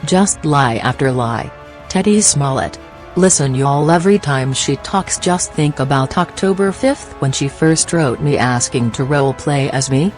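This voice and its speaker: A woman's voice: sits low, a little slow, darkish tone, faint music behind. A woman host giving blunt, mocking commentary in a sarcastic, insulting way.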